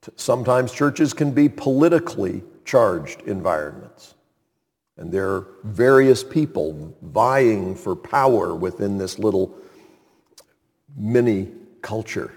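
A man's voice: low-pitched, a little mellow, husky, big-room sound. A man preaching a sermon as a pastor, earnest and building in force on key points.

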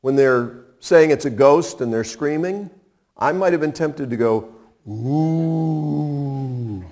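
A middle-aged man preaching a sermon in a conversational, humorous way, pausing for effect. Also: a little high, darkish tone. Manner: conversational and humorous, with dramatic pauses. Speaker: pastor.

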